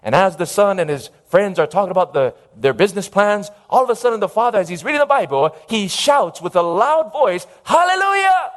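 Male preacher, high-pitched, animated sermon delivery with calls for amen. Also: a little fast, hardly any pauses.

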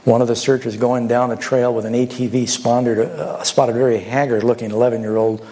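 A man's voice: mid-range voice, little pitch movement, fairly quick, mellow. A man preaching a sermon, telling stories and asking the congregation rhetorical questions.

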